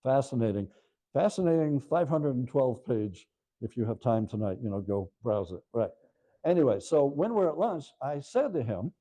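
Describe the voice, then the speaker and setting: A man's voice: medium pitch, very animated, normal speed, mellow, lo-fi sound. An older man giving a lecture about his book to a live audience, telling stories with chatty asides to the listeners. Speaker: author giving a book talk.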